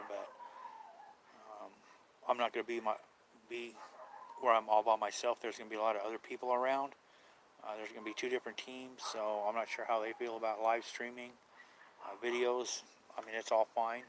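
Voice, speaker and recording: A man's voice: on the low side, fairly bright tone, a little hiss or hum, rough recording. A man chatting casually on a live stream about paranormal outings, rambling, unsure and trailing off mid-thought.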